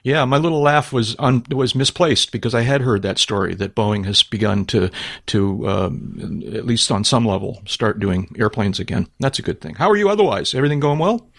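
Gravelly guy hosting a chill podcast, lots of uhs and restarts, dry close mic. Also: medium pitch, lively intonation, a bit bright, no room sound. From New England. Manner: halting, many fillers and restarts. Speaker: podcast host. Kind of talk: casual podcast chat.

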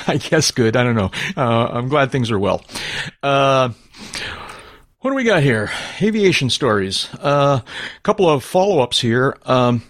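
A man hosting a casual podcast chat from home, talking haltingly with many fillers and restarts. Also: mid-range voice, sing-song, a bit bright, no room sound, clean studio sound. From New England. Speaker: podcast host.

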